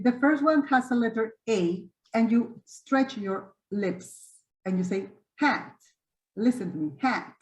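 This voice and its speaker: A woman's voice: on the high side, echoey room. Casting note: woman in her 50s, patient teacher demonstrating sounds, dull lo-fi call audio. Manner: patient, demonstrative, repeats and models vowel sounds slowly. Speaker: English teacher hosting a webinar. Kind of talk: online teaching webinar. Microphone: video call.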